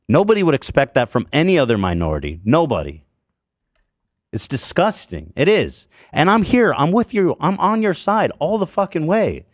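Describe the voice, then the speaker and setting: A man's voice: a little high, no echo, clean studio sound. A man hosting a podcast who rants angrily and curses a lot, with heavy emphasis. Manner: angry, profane, emphatic. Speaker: podcast host. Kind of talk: heated podcast rant.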